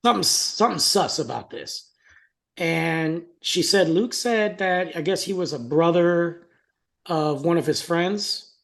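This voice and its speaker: A man's voice: a little high, lively intonation, measured pace, vocal fry, a bit bright. Man telling a story on a podcast. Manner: storytelling, acts out quotes, laughs often. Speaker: podcast co-host. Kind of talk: casual podcast chat.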